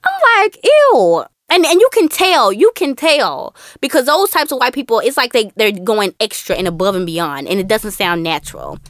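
Lively woman podcast co-host, dry close sound. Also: medium pitch, moderate pace, hardly any pauses, no echo. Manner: animated, mimics voices with laughs. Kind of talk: casual podcast chat.

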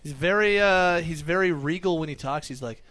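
A man's voice: on the high side, moderate pace, a bit bright, no room sound. A man co-hosting a casual sports talk show, chatting playfully about players and games. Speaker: co-host.

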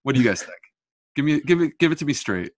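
A man's voice: on the high side, fast. A middle-aged American man, a gastroenterologist, talking casually and jokingly as a podcast guest over a remote call. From United States. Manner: chatty, joking, animated asides.

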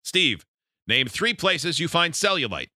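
A man hosting a casual podcast game, reading out prompts with wry, deadpan quips. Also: fairly high pitch, unhurried, heavy background noise. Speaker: game host reading cards.

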